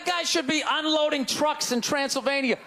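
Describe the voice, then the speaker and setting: A man doing a stand-up comedy set on stage, ranting loudly and jabbing sarcastically at the audience. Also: very high-pitched, moderate pace, creaky, a crowd in the background, noisy background.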